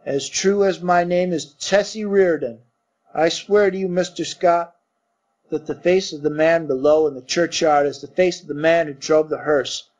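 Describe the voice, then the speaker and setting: A man's voice: fairly high pitch, moderate pace, darkish tone, lightly acted. A man doing an earnest frightened young woman. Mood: insistent. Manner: earnest, pleading. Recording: dull muffled recording.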